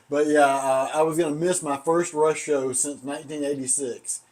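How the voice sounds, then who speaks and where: A man's voice: a little high, fairly even intonation, takes it slowly, a little mellow. A man with a Southern accent, co-hosting a casual tasting chat and telling rambling stories with frequent laughter. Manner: rambling storyteller, laughs often. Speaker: podcast co-host.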